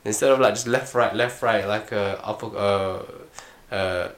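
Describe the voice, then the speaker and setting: Slangy young man, low voice. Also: a little slow. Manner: animated, slangy, rambling storyteller. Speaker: podcast co-host. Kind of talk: casual chat.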